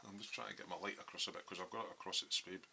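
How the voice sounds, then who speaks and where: A man's voice: low-pitched, fairly even intonation, racing, vocal fry, sharp tone, slight background noise. A man in a home hobby workshop, casually walking through his model build with lots of ums as he explains his thinking.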